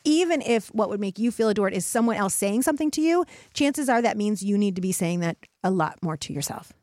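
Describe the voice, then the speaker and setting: A woman at a middle pitch hosts a motivational podcast, earnest and encouraging as she talks straight to her listeners. The sound is dry and close, with almost no room around her. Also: animated, a little fast, darkish tone, dry recording. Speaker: podcast host.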